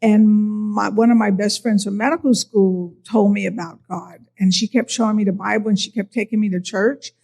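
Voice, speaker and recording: An older woman with a New York accent tells her own story on a church panel. Her voice has a gravelly edge, and she speaks earnestly with soft chuckles running through her talk. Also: mid-range voice, fairly even intonation, moderate pace, few pauses. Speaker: physician sharing testimony on a panel. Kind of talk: personal testimony, casual.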